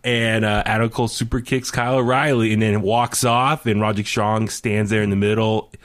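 A young man co-hosting a casual chat show, excitable and laughing often, with plenty of fillers. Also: on the low side, a little fast. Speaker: podcast co-host.

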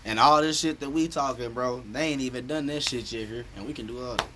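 A man's voice: mid-range voice, fast, bright, forceful tone. Laid-back man, noisy recording. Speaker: podcast co-host. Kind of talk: casual chat. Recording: noisy background.

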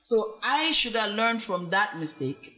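A woman as a podcast guest, telling her personal story in an earnest, reflective way and animatedly acting out what others said. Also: measured pace. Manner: animated, acts out quoted speech with big pitch swings.

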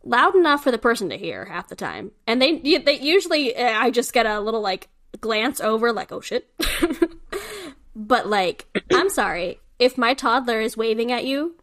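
A woman co-host with a fairly high voice, talking in an animated, emphatic way. She leans hard on key words and throws in a swear word now and then. Her tone stays casual and easy, like a chat between friends. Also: moderate pace. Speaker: podcast co-host.

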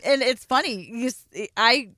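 A woman's voice: high voice, moderate pace, sharp tone, no room sound, studio quality. A middle-aged woman co-hosting a podcast, telling personal stories candidly and voicing her own anxious self-talk. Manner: candid, confessional storytelling with quoted self-talk. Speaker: podcast co-host. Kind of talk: casual chat.

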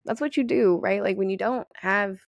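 Podcast host, young woman, candid and swearing freely, gravelly edge, dry close sound. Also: mid-range voice, normal speed, no echo. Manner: candid, profane, animated storytelling. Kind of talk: casual solo podcast monologue.

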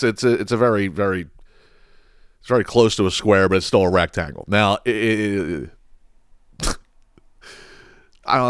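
Profane, animated man ranting. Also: on the low side, clear, resonant tone, no echo, clean studio sound. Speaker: podcast host. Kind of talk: casual comedic storytelling.

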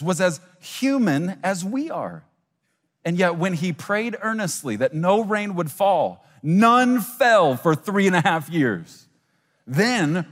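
A man's voice: fairly high pitch, long reverb tail. A man preaching a sermon as a pastor, acting out imagined listeners and little scenes as he goes.

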